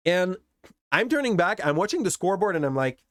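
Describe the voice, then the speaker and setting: Guy ranting about his past, pitch jumps all over, kinda high, dead dry mic. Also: big pitch swings, a little fast, fairly bright tone, no echo. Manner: candid, exasperated storytelling. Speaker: content creator. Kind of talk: personal story vlog.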